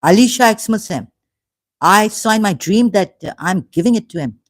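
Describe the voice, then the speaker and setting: A woman hosting a live stream, slowly and indignantly scolding commenters in the chat. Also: medium pitch, lively intonation. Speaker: channel host answering live chat.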